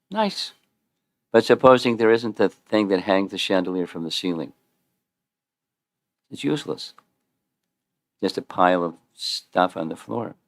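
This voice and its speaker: Man teaching a temple class, very low voice, dry close sound, chatty, quizzes listeners. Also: no echo. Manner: conversational, quizzes the audience, repeats and restarts. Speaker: spiritual teacher giving a class. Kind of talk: informal scripture class.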